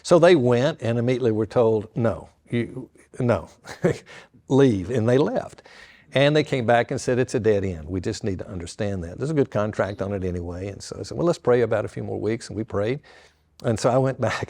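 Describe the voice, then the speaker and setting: An older man, a pastor retelling a story with lively quoted dialogue to an audience. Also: lowish voice, normal speed.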